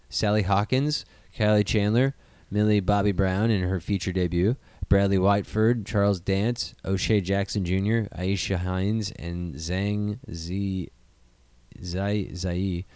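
Brief: young male podcast host, loose and animated, cursing freely, dry close sound. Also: fairly low pitch, clean tone, dry recording. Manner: animated, swearing, jumps into excited outbursts. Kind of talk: casual movie news chat.

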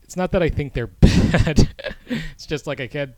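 A man's voice: a little high, normal speed, a little mellow, no echo. A man co-hosting a casual talk show, easygoing and laughing often. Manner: laid-back, laughs often, short replies. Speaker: podcast co-host. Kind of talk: casual chat.

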